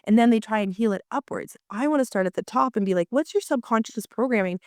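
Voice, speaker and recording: A woman's voice: medium pitch, quick pace, no echo, clean studio sound. A woman marriage coach explaining her methods as a guest in a conversation, acting out inner voices as she goes. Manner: animated, acts out inner voices.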